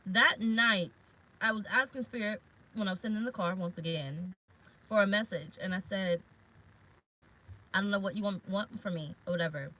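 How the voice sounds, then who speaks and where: A woman's voice: mid-range voice, moderate pace, bright, forceful tone, low-quality recording. A woman tarot reader talking casually in a vlog, rambling and frank, swearing now and then. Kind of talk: casual spiritual vlog talk. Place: parked car.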